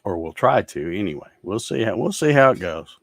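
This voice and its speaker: Man hosting a casual stream, sarcastic ranting tone, fairly low voice, dry close recording. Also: very animated, brisk, a bit bright, dry recording. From Georgia, USA. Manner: ranting, fed-up, sarcastic, laughs at comments. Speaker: show host reading viewer comments. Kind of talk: casual livestream chat.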